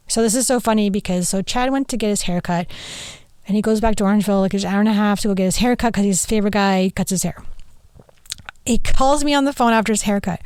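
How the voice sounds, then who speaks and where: Chatty woman, smooth clear voice. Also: medium pitch, a little mellow, no room sound. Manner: chatty, rambling, with frequent "like" and "right?". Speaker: podcast host and spirit mentor. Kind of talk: casual monologue.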